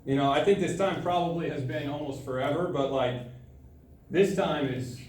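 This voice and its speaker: A young man giving a sermon to a student group, telling a personal story in a casual, animated way with frequent laughter. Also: a little high, moderate pace. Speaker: student speaker. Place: large room at a student gathering. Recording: echoey room, from far off, faint noise.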